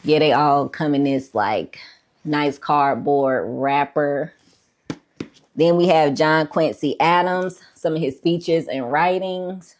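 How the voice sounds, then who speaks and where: A woman vlogger talks about her books in a low, unhurried voice. She is laid-back and chatty, with plenty of fillers and a casual "y'all", and sounds a little out of breath. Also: darkish tone. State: a bit out of breath. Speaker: book collection vlogger. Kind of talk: casual show-and-tell chat.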